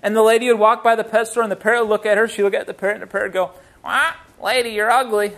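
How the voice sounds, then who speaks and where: A man preaching a sermon in a church, lively and full of rhetorical questions to the congregation. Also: high-pitched, rapid-fire, creaky. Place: church sanctuary.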